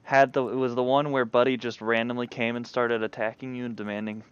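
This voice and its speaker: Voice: medium pitch, level tone, fairly quick, dry recording. A person casually chatting while playing a farming game with a friend, laughing often and reading game dialogue aloud. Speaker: Let's Play gamer. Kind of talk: casual co-op gaming chat. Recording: muffled audio with clear noise.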